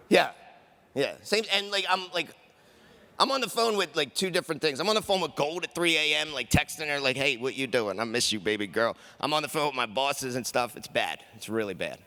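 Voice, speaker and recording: A man works a conference crowd in a stand-up set, his voice bright and forceful. He sits a little high for a man, chatty and loose, slipping into quick quoted voices as he riffs. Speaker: stand-up comedian. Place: conference stage.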